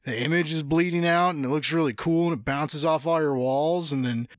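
A man's voice: a little high, brisk, no echo, clean studio sound. A young man hosting his own podcast, telling rambling, profane, jokey stories in casual chat. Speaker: podcast host.

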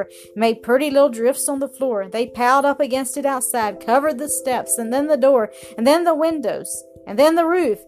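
A woman reading a children's story aloud in a gentle manner, with small slips and restarts. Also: on the high side.

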